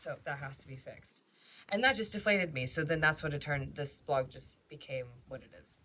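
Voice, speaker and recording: A woman's voice: low voice, lively intonation, normal speed, pushed and bright, slight background noise. A woman giving a grateful, tender vlog voice-over. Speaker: DIY vlogger. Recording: voice-over over clear music.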